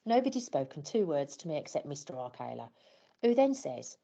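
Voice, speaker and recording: A woman's voice: low voice, big pitch swings, brisk, creaky, mellow, muffled recording. A woman telling a scripted first-person story as a flustered parent, wry and self-deprecating. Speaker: parent in a training scenario.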